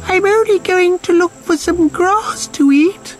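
A man voicing a tiny, frightened young billy goat in a storybook, squeaky and pleading. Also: measured pace, soft background music.

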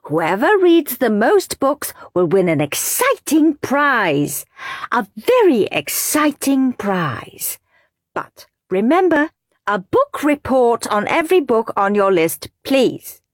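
A woman voicing a stern, sharp-tongued female schoolteacher who snaps and bellows at her class. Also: big pitch swings, slow, no room sound, clean studio sound, exaggerated voice. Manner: snapping, high and loud when bellowing.

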